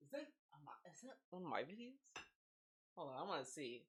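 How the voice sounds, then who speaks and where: A man streaming live and reacting to videos, talking in an excitable, stammering way. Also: fairly high pitch, a little fast, a little hiss or hum. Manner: animated, excitable, stammering repeats.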